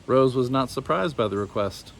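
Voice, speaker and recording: A man narrating a storybook aloud in an expressive, measured way. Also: medium pitch, gravelly, a little hiss or hum.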